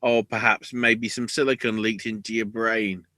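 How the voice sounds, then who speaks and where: Male podcast host, casual wrestling recap, swears a lot, excitable, dry close sound. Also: on the low side, normal speed, no echo. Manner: profane, excitable, bursts into loud outrage.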